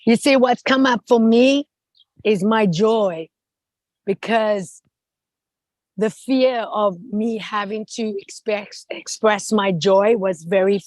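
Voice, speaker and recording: A woman podcast host speaking earnestly and reflectively about her feelings in a relaxed conversation. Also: medium pitch, slow, no room sound, rough recording.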